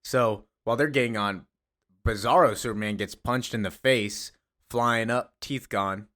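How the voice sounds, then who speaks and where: A man's voice: mid-range voice, a little slow, a bit bright. A young man casually retelling a comic plot in a rambling, offhand way full of fillers. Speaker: voice actor and comic recapper.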